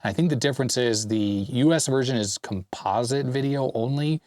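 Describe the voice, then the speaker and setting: A man's voice: mid-range voice, moderate pace, a little mellow, no room sound, studio quality. A man in his forties chatting casually as host, rambling happily through a mail-call unboxing of vintage parts. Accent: Canadian. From Canada. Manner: chatty and enthusiastic, rambling tech asides. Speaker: channel host. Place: home basement workshop.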